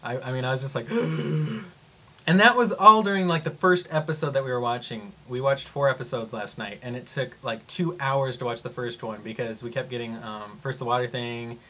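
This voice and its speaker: A young man vlogging, telling a story in a casual, animated way, full of fillers and acted-out gasps. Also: medium pitch, fairly quick, few pauses. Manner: animated, acts out gasps and quotes, lots of fillers.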